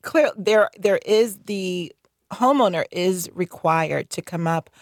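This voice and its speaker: A woman's voice: on the low side, slow, no echo, clean studio sound. A woman who works as a licensed general contractor, talking candidly in a radio interview, chatty and laughing often, with many fillers. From North Carolina.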